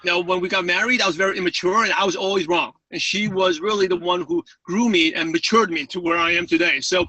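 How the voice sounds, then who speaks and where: A man from New York with a New York accent and a lisp, talking fast and eagerly as a guest speaker on a webinar call. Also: sits high, steady tone, pushed and bright, no echo, far from the mic, poor audio. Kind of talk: webinar talk.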